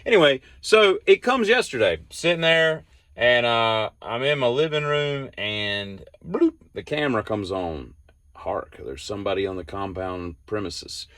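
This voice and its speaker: A man's voice: mid-range voice, expressive, measured pace, a bit bright, no room sound. A man telling a casual vlog story in a rambling, exasperated and sarcastic way. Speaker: vlogger.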